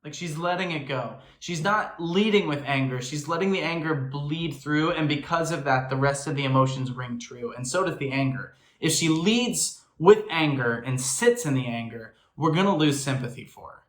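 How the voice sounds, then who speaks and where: A man's voice: on the high side, normal speed, few pauses, fairly bright tone. Man giving keen vocal commentary, echoey room. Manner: analytical, breaks down and imitates singing. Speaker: reaction video host, actor and filmmaker. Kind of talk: enthusiastic vocal-technique commentary.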